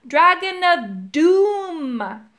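A woman's voice: sits high, sing-song, moderate pace, bright, forceful tone, voice pushed up, full character voice. A woman voicing a grumpy, sarcastic male talking toad in a storybook reading, with a dry, grumbling manner. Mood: bellowing.

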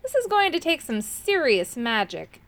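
A woman's voice: sits high, sing-song, moderate pace, a bit bright, pitched above the performer's own voice, exaggerated voice. Stern bossy old wizard guy read by a woman, voice jumps up and down a lot. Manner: stern, commanding.

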